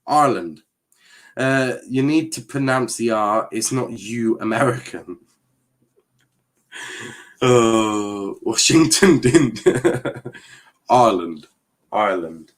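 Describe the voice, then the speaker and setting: A man's voice: mid-range voice, fairly bright tone. An English man hosting a live stream in casual chat, laughing often, repeating words and reading out viewer comments with sarcastic asides.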